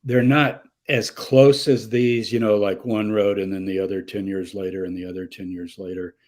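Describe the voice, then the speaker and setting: A man's voice: on the low side, level tone, moderate pace, darkish tone. An older man, a guest scholar in a live conversational Q&A, telling stories animatedly, acting out quoted voices and laughing often. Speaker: guest scholar answering audience questions.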